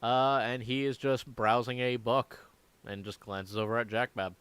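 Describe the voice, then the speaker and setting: Casual profane game master, bright clear voice. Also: male voice, medium pitch, fairly even intonation, a little slow. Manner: casual, profane, laughing asides to players. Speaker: dungeon master. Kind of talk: running a live tabletop game.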